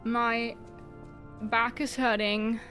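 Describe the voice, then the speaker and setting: A woman's voice: fairly high pitch, little pitch movement, very slow, a bit bright, faint music behind. A woman streaming a game and chatting casually, joking and laughing often as she tires from playing on a dance pad. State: tired from exertion. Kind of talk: casual live-stream chat while gaming.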